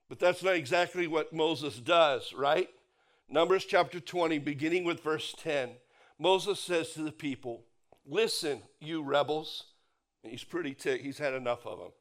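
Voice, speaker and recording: A man preaching a sermon, emphatic, repeating key phrases and dropping his voice low on the punch lines. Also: a little slow. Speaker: pastor.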